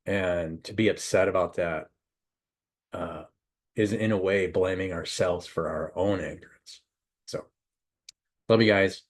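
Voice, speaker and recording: Lower-voiced man telling a rambling story. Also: unhurried, long pauses. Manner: rambling, animated storytelling with laughs and restarts. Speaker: spiritual advisor. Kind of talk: casual storytelling and spiritual advice.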